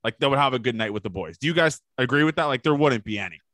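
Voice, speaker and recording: A man's voice: medium pitch, animated, racing, fairly bright tone, dry recording. Swearing, rambling man telling stories. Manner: rambling storyteller, swears a lot, acts out quotes. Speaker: podcast co-host. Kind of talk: casual chat.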